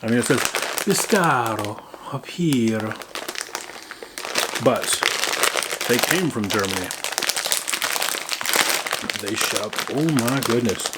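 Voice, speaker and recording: A man's voice: on the low side, lively intonation, extremely slow, long pauses, heavy background noise. A man casually chatting through a snack taste-test vlog, playful and muttering while he chews. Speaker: vlogger. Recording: crinkling snack bags close by.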